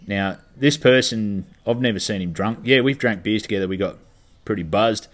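A man's voice: lowish voice, fairly quick. An Australian man, a stand-up comedian, telling a story in a casual monologue, blunt and heavily profane, ranting in exasperation.

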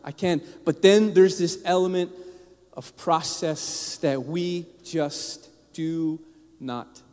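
A man delivers a sermon as an informal personal story, full of asides and restarts directed at the congregation. His voice sits a bit high for a man. The recording picks up the long reverb of a church sanctuary. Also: takes it slowly. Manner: casual, animated, many restarts and asides to the congregation. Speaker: pastor.

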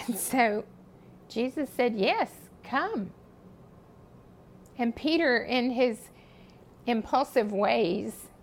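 Woman, high-ish voice with some fry, earnest devotional teacher, soft music behind. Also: low-quality recording. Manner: earnest, expressive storytelling with dramatic pauses. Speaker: speaker teaching a Bible study. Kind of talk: devotional teaching, reading scripture.

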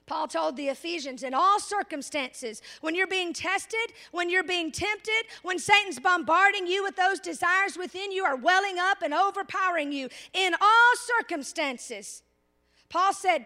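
A woman preacher with a very high, bright voice delivers an animated sermon. She fires rhetorical questions at her congregation and drops into casual asides. She slows down hard on the words she wants to land.

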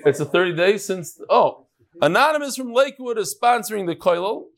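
A man teaching a daily Talmud class as a rabbi, animated and teasing, joking with his audience as he reads messages and sets riddles. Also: high-pitched, brisk. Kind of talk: Talmud lesson with joking banter.

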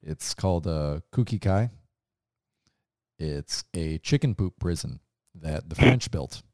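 A young man with a very low voice co-hosts a comedy podcast, recounting odd news in loose, joking chat. The sound is close and dry, with no room around it. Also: lively intonation, takes it slowly, no room sound. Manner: storytelling, swearing, laughing loudly. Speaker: podcast co-host.

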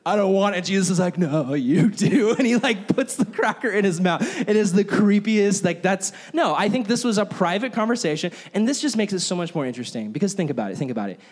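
High-voiced pastor telling stories animatedly. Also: male voice, quick pace, hardly any pauses. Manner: animated storytelling, acts out characters. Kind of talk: sermon.

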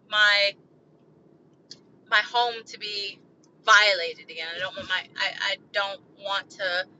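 Woman podcaster, bright high voice, agitated profane rambling vent, slightly lo-fi sound. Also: slight background noise. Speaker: podcast host. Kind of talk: solo venting podcast.

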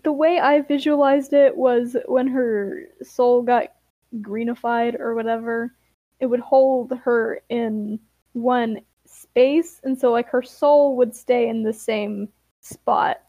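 A woman's voice: on the high side, fairly even intonation, slow, no echo, muffled recording. A woman co-hosting a podcast, chatting in an amused, talkative way about the story. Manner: amused, chatty, laughs between remarks. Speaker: podcast co-host. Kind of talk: casual chat commentary.

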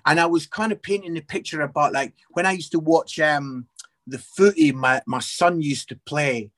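A lively Scottish man in his forties with a notably high voice, chatting as a guest on a faith podcast. He tells stories with energy and keeps the talk moving. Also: moderate pace. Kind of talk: casual interview chat.

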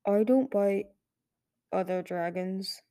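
Woman reading slow grave old male dragon, quiet and serious, mellow tone, storybook. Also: medium pitch, no echo, studio quality. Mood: grave, sad. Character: sad, weary old male dragon turning to stone. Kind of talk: audiobook character voice.

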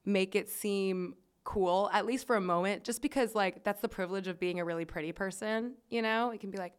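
A woman's voice: mid-range voice, normal speed, few pauses, clean tone. A woman podcast host telling a story in casual chat, chatty and swearing freely, with lots of "like" fillers.

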